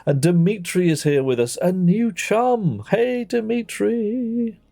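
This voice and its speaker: A man's voice: high-pitched, very animated, a little slow, mellow, faint music behind. A man chatting playfully with viewers while playing a game on a livestream, greeting them by name. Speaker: streamer. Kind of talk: casual livestream chat while gaming.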